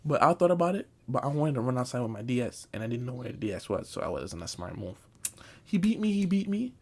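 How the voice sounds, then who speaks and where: Animated guy telling a comic story. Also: medium pitch, quick pace, slightly rough. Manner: animated, loose slangy talk, keeps saying bro. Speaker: vlogger. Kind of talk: comedic storytime.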